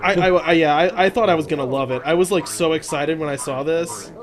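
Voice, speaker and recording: A man hosting a casual podcast chat, animated and rambling with lots of fillers. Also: a little high, brisk. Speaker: podcast host.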